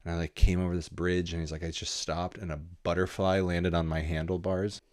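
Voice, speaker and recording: Low-voiced chill guy telling road stories, swears a lot, acts out what people said. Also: level tone, fairly quick. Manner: laid-back, swearing, acts out dialogue. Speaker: guest photographer. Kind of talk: casual storytelling interview.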